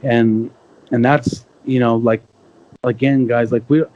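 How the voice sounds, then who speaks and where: A man's voice: medium pitch, level tone, slow, a little hiss or hum. A young man telling a long eerie story in a casual, rambling way, full of restarts and asides. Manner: rambling, with many restarts and fillers like "you know". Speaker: podcast guest telling encounter stories. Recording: slightly dull lo-fi sound.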